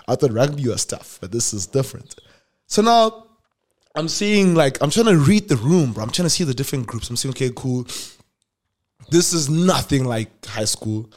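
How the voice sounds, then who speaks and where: Animated young South African man. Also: mid-range voice, a little fast. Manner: animated, acts out other people's lines, slangy. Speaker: podcast host telling his story. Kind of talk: casual storytelling.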